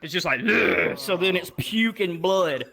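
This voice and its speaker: High-voiced profane stand-up comic man. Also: moderate pace. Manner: profane, animated, acts out characters. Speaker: stand-up comedian. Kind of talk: stand-up storytelling. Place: comedy club stage with live audience. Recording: loud crowd noise. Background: audience laughter.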